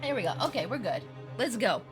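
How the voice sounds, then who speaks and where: A woman's voice: a little high, sing-song, brisk. A young adult woman streaming a video game from home, chatting in a bubbly, giggly way with her viewers. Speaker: VTuber streamer. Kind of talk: casual let's-play chat. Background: game music.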